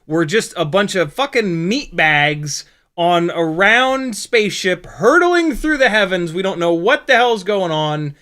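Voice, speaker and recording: A man's voice: high-pitched, expressive, a little slow, sharp tone, clean tone. Rambling, jokey man hosting a live stream. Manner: rambling, profane, jokey, stumbles over words. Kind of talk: casual live stream chat.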